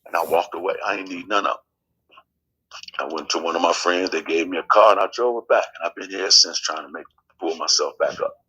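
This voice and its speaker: A man telling a personal family story as a guest, lively and acting out the quotes. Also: low voice, brisk, husky, rough recording.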